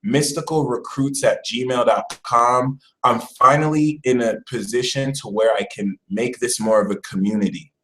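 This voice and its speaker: A man hosting a casual astrology live stream, talking in a chatty, animated way and putting on mock voices. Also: medium pitch, normal speed, few pauses, poor audio. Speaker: astrology channel host.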